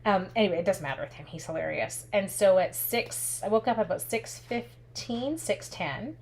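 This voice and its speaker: A woman's voice: mid-range voice, normal speed. Chatty woman demoing stamping. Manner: chatty and upbeat, thinks aloud, reads viewer comments. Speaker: craft instructor and live stream host. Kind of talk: live stamping demo, chatting with viewers. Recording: steady background noise with clicks.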